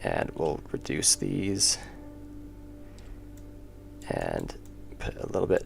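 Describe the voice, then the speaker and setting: Low, gravelly man muttering while he draws. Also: wildly swooping pitch, takes it slowly. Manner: low-key, mutters to himself while working. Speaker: indie game developer streaming. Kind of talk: casual livestream commentary while drawing. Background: faint background music.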